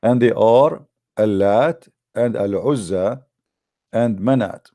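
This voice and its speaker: A man's voice: on the low side, takes it slowly, warm tone. Emphatic man firing rhetorical questions. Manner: addresses the audience directly as guys; non-native grammar with repeated restarts. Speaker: religious debate speaker. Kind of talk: polemical online talk.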